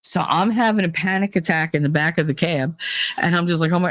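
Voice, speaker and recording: A woman's voice: lowish voice, quick pace, dry recording. A woman telling a story in casual chat, acting out quoted lines with feeling. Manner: animated, emotional, acts out quotes. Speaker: streamer.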